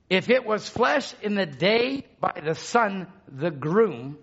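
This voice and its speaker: A man delivers a sermon in a high, unhurried voice, leaning on repeated phrases. He drops to a hush and then rises to shouts. The recording sounds dull and lo-fi. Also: sing-song, breathy edge. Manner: emphatic, swings from hushed to shouting. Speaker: preacher.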